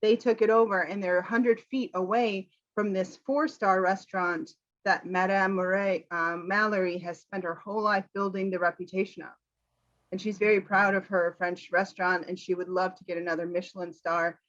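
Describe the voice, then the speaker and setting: An American woman, an English teacher, chatting casually about a film with animated quoting. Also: medium pitch, moderate pace, dull audio. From United States. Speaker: English teacher, channel host.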